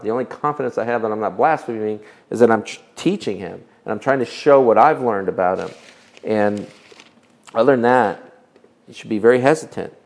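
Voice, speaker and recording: A man's voice: medium pitch, gravelly, a little mellow. A man preaching a sermon, earnest and emphatic, asking his listeners rhetorical questions. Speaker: pastor.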